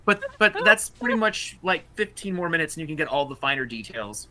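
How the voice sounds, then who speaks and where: A man playing in a tabletop game, recapping events in a casual, hurried way. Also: a little high, sing-song, sharp tone. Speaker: player.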